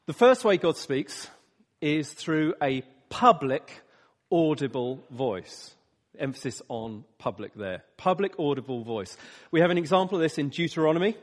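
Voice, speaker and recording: A man preaching a sermon, swinging from emphatic rises to quiet, lower asides. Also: in a large hall. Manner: animated, emphatic rises and drops.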